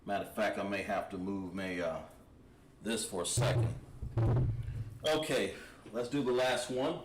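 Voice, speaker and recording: A man teaching a language class, thinking aloud and pausing while he writes on a board. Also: fairly low pitch. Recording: echoey room, mic at a distance, faint noise.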